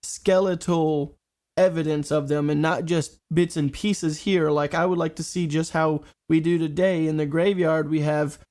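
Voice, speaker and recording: A man's voice: a little high, steady tone, moderate pace, a little mellow. A man hosting a reaction video, talking casually with a congested voice, musing aloud and laughing lightly.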